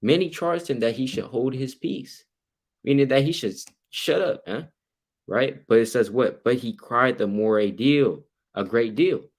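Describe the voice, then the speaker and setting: A man teaching a casual Bible study, reading verses aloud and explaining them, asking "right?" again and again and acting out the people in the story. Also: normal speed. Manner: acts out quoted people with sudden louder, higher bursts. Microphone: computer mic while sharing his screen.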